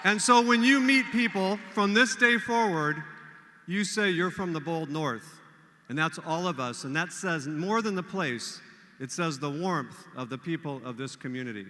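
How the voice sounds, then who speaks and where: A man's voice: fairly high pitch, normal speed. An older man, hosting a volunteer event and leading a crowd in cheers. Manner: energetic, leads call-and-response cheers. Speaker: event emcee. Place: large hall with a crowd. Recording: echoey hall.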